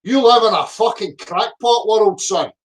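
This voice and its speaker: Profane ranting man, high voice. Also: measured pace. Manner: abrasive, profane, mocking. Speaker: flat earth video commentator. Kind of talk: ranting reply to viewer comments. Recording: voice a bit distant from the mic.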